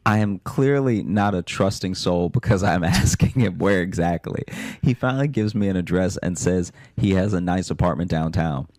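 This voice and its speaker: A man with a very low, deep voice reads a listener's story aloud on a comedy podcast. His delivery is dry and wry, and the sound is close and dry, with no room around it. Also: normal speed, a little mellow, dry recording.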